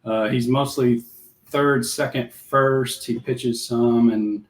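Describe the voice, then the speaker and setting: A man's voice: mid-range voice, fairly even intonation, takes it slowly. A man, a youth baseball manager chatting casually and joking easily. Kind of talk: casual chat. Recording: roomy echo.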